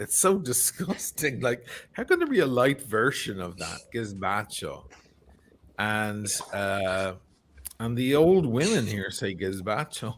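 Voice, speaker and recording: A man's voice: lowish voice, animated, a little slow, fairly bright tone. A tired, slightly drunk man with an Irish accent, hosting a loose chat, swearing freely and laughing. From Ireland. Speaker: podcast host. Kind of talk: casual late-night chat.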